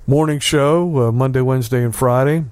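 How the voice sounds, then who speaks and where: A man hosting a casual local radio show from a small studio, talking in a halting way full of fillers. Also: medium pitch, a little mellow, clean tone, dry recording. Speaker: radio host.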